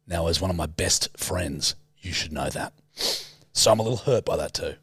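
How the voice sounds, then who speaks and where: A man's voice: deep voice, moderate pace, vocal fry, breathy edge, no echo. A man co-hosting a comedy podcast, teasing and mock-grumpy as he judges. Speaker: podcast co-host. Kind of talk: casual podcast banter.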